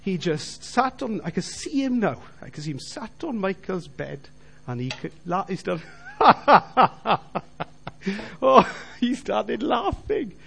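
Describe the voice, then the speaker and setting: A man's voice: high-pitched, very animated, unhurried, creaky, a bit bright, slightly rough. A middle-aged man giving a personal faith testimony, telling his story earnestly and appealing directly to his listeners. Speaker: Christian businessman giving testimony.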